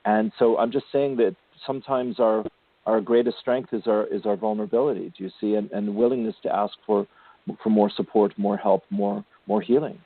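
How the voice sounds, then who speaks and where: A man's voice: fairly low pitch, fairly even intonation, moderate pace, no echo. Tender man counseling over a tinny line. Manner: gentle, affectionate, calls listeners darling and sweetie. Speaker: spiritual intuitive radio host. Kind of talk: spiritual counseling on a call-in show. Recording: tinny phone-line sound, dry.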